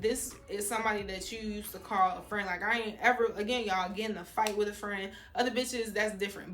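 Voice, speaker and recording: A woman's voice: mid-range voice, fairly bright tone, echoey room. Heated woman venting in a storytime vlog. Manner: heated, emphatic, repeats herself, addresses viewers as y'all. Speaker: vlogger telling a story. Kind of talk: storytime vlog, casual and profane.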